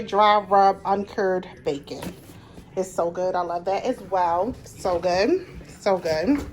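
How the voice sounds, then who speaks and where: A woman talking casually through a grocery haul at home, chatty, repeating herself and quick to get annoyed. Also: mid-range voice, slight background noise. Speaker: vlogger.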